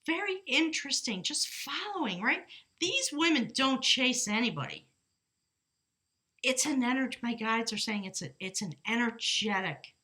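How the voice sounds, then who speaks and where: Her voice a little high, animated and sharp at a normal speed, a woman gives an informal tarot reading from her desk in a small house by an open door. She laughs a lot, breaks off to quiz her spirit guides, and fixes her own sentences as she goes.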